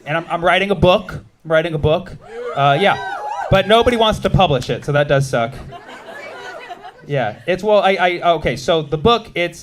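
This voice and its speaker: A man in his thirties doing stand-up comedy on a club stage, teasing the crowd with a punchy, wry delivery. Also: high-pitched. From United States.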